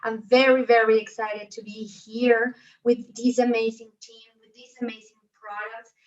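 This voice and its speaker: A woman's voice: fairly high pitch, normal speed. Mexican-accented woman in her twenties, upbeat presenter, caught in a roomy, muffled recording. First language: Spanish. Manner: enthusiastic, repeats "very excited". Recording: roomy, distant, dull sound.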